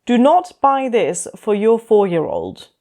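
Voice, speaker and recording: A woman's voice: a little high, wildly swooping pitch, a little slow, warm tone. A woman book vlogger giving casual review commentary with a wry, dry humour, recorded on a camera-mounted mic. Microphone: camera-mounted shotgun mic.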